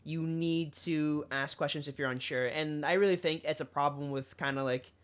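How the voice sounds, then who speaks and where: A man's voice: on the high side, steady tone, normal speed, smooth. A young man co-hosting a podcast in casual chat, talking loosely with lots of fillers and repeated words. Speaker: podcast co-host.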